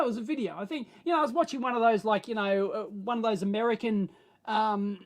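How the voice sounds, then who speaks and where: An Australian man hosting a live stream, answering viewer questions in a rambling, animated way that swings between mumbled asides and excited bursts. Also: sits high. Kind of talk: casual live-stream chat.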